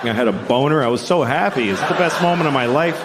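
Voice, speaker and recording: A middle-aged man doing a blunt, deadpan stand-up comedy set, often acting out other people's voices. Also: medium pitch, fast talker, a loud crowd. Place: stage before a laughing audience. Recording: live stage recording with audience noise. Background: audience laughter.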